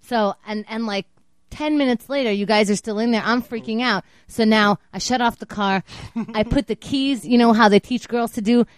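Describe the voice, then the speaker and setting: A woman's voice: fairly high pitch, no room sound. Teasing woman podcast co-host. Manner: teasing, quick interjections. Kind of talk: casual chat.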